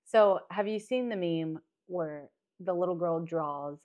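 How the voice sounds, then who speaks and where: A woman co-hosting a podcast in casual chat, chatty, quick to laugh and to answer back. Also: lowish voice, a little mellow, lo-fi sound. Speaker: podcast co-host. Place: indoor podcast room.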